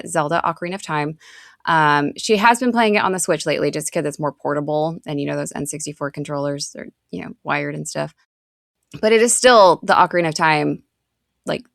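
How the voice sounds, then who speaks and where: A woman in her thirties co-hosts a podcast in a low, gravelly, slightly bright voice. She chats casually and rambles with plenty of fillers, recorded in clean studio sound with no room echo.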